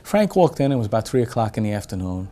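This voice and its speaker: Older New man, lively storyteller. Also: on the low side, quick pace. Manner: animated storyteller who acts out quoted voices. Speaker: restaurant family member telling a story. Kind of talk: casual anecdote.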